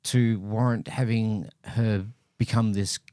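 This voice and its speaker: A man's voice: fairly low pitch, steady tone, takes it slowly, dark tone, dry recording, studio quality. A man co-hosting a podcast, chatting casually about a bad movie in a wry, rambling way that keeps correcting itself. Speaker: podcast co-host. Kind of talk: casual movie review chat.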